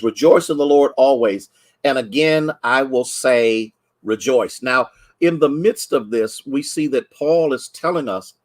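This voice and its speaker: A man from Ohio speaking as pastor in a livestreamed noon Bible study, talking conversationally, greeting viewers by name, restarting sentences and at times near tears. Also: mid-range voice. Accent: Ohio, Midwestern American. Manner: emotional, close to tears at times.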